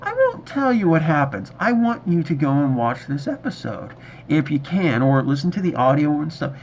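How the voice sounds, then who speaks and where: A man's voice: fairly high pitch, wildly swooping pitch, moderate pace, darkish tone, slight background noise. A man reviewing a TV episode in casual video chat, enthusiastic and rambling, recorded on a dull lo-fi mic. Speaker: movie reviewer.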